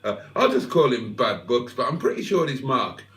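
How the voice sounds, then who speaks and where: A man's voice: medium pitch, very animated, moderate pace, a bit bright. A man, hosting a casual livestream, reading out comments and swearing freely with self-mocking humour. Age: 50s. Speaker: livestream host.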